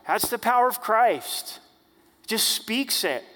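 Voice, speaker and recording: High-voiced pastor in an echoing sanctuary. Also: male voice, expressive, pushed and bright. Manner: reads scripture aloud, then preaches with measured emphasis. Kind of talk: Easter sermon. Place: church sanctuary. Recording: church hall with long reverb.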